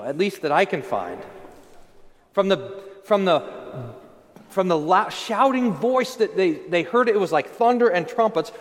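High, lively preaching man in reverb. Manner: animated preaching, rising to emphatic declarations. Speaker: pastor. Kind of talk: sermon. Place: church. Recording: long reverb of a church hall.

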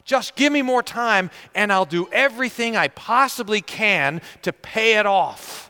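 A man playing a desperate male servant deep in debt, speaking with urgent insistence in a sermon retelling. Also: animated, measured pace, pushed and bright, smooth, exaggerated voice. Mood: pleading. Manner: raised pitch, urgent. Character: desperate indebted male servant, pleading then grasping.

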